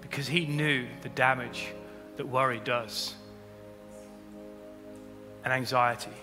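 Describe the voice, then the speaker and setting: A man preaching a sermon as pastor, building to loud emphatic peaks. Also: medium pitch, steady tone, slow. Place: church auditorium. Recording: long hall reverb with faint music.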